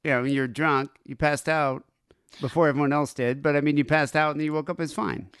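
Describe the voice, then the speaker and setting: A man's voice: fairly high pitch, steady tone, brisk, fairly bright tone, clear, resonant tone, no room sound, studio quality. A man co-hosting a podcast, telling stories casually and laughing at them. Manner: storytelling, laughs at his own tales. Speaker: podcast co-host. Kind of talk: casual chat.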